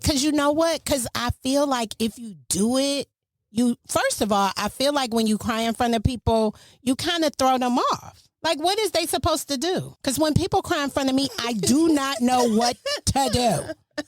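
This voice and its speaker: Animated storytelling woman, dry sound. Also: moderate pace, no echo. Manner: animated, storytelling, swings pitch widely for emphasis. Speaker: podcast host. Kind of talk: casual family podcast chat.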